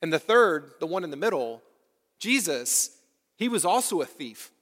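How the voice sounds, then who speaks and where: A pastor's sermon rings through a reverberant church sanctuary; his voice is on the high side, a bit bright and sing-song, at a moderate pace. He repeats lines and questions the congregation rhetorically.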